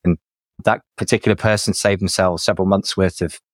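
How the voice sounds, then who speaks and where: Male co-host, rapid chatty delivery, very deep register. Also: fairly even intonation, no echo, clean studio sound. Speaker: podcast co-host, business adviser. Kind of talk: casual podcast conversation.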